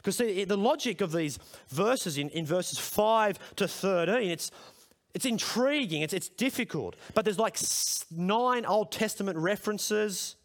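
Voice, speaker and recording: A middle-aged man gives a sermon at a school chapel service, his voice pitched high. He talks in a conversational way and grows emphatic as he puts questions to the room. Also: animated, unhurried. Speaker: preacher.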